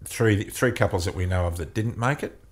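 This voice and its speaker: Deep-voiced man telling a story. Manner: halting, repeats words while recounting. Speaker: couples counselor. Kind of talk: storytelling in an interview.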